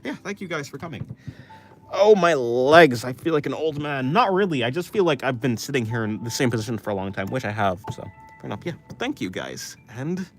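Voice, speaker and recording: A man's voice: mid-range voice, expressive, fast, faint music behind. A young man giving casual, hesitant commentary on drawings as an art streamer, rambling with many restarts.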